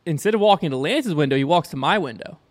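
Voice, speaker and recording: Young man with a slightly high voice, telling a story. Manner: animated, quick, acts out quotes. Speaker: podcast guest or host, disc golfer. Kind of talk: casual storytelling.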